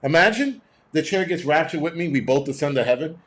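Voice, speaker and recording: A man's voice: a little high, lively intonation, a little fast, a bit bright. A middle-aged man hosting a livestream, reading chat and ranting bluntly with heavy cursing in a cranky, rambling way.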